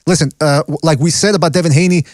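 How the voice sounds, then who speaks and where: A male podcast host jumping in to moderate a boxing debate, talking quickly. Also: a little high, steady tone, darkish tone, dry recording, studio quality. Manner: interjecting, talks quickly.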